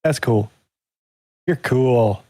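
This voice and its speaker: A man's voice: medium pitch, very slow, warm tone. A man hosting a live talk show, reminiscing in an easygoing casual way. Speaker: host. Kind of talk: casual chat.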